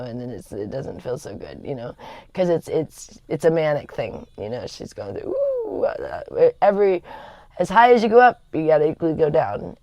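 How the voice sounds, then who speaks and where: Chatty woman with a gravelly low voice. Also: a little mellow, no room sound. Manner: rambling, chatty, laughs often, many fillers. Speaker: livestream host. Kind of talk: casual chat.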